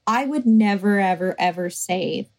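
A woman's voice: mid-range voice, moderate pace, darkish tone, rough recording. A woman co-hosting a podcast, chatting casually and animatedly, with lots of fillers and quoted self-talk. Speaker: podcast co-host. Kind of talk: casual chat.

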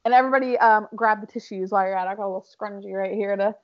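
A woman's voice: medium pitch, fairly even intonation, rapid-fire. Nervous giggly young woman, lo-fi sound. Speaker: podcast co-host. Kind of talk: casual chat and reading a wedding speech. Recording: dull, lo-fi sound.

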